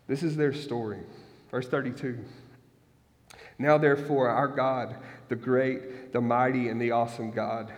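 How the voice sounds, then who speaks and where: A man in his thirties preaching a sermon, reading scripture aloud and breaking off into lively, joking asides to the congregation. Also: medium pitch, moderate pace. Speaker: pastor. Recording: long hall reverb.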